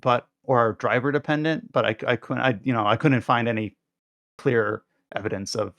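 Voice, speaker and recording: A man's voice: mid-range voice, steady tone, normal speed, a bit bright, no room sound. A man co-hosting a podcast, giving a casual, rambling review with lots of fillers and restarts. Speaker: podcast co-host reviewing games.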